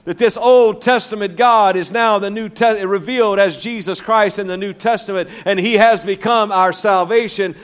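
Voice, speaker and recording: Emphatic high-voiced male preacher. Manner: emphatic preaching, slowing down on key words. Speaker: pastor. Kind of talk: sermon.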